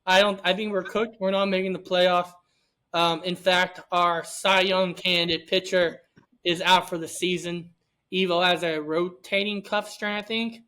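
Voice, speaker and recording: A man's voice: sits high, fairly even intonation, measured pace, sharp tone, clean tone. A man co-hosting a podcast, chatting casually and sarcastically about sports. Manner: joking, sarcastic. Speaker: podcast co-host.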